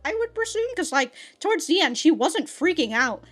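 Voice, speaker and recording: A woman's voice: high voice, sing-song, moderate pace, a bit bright. Chatty, laughing woman reacting casually. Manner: chatty, laughs often, swears casually, many fillers. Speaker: anime reaction host.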